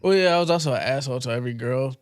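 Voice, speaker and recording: A man's voice: medium pitch, racing. A man in a casual chat, a father talking in a laid-back, blunt way and swearing freely. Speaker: guest, father of two daughters.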